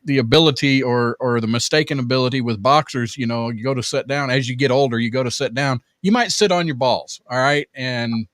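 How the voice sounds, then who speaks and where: An older man co-hosting a casual live-stream chat, reading viewer comments aloud in a halting way, full of fillers and restarts. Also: mid-range voice, fairly bright tone, no echo.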